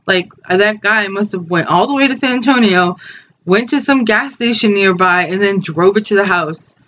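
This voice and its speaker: A woman's voice: medium pitch, moderate pace, fairly bright tone, a little hiss or hum. Blunt, swearing woman vlogger. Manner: blunt, swears freely, says "like" and "dude" a lot. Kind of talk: casual storytelling vlog.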